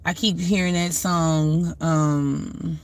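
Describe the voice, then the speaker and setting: A woman's voice: sits low, steady tone, slow, slight background noise. A woman hosting a casual livestream, talking reflectively and answering her viewers' comments as she goes. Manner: conversational, reflective, talks back to viewer comments. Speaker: livestream host.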